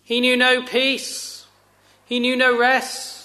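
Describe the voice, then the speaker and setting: A man preaching a sermon in a slow, solemn, measured way with long pauses, sometimes dropping to a hush. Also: very high-pitched, completely flat delivery.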